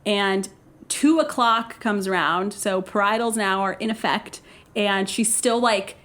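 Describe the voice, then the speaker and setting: A young woman telling a story in casual podcast chat, acting out quotes in an animated way and laughing often. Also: mid-range voice, a little slow.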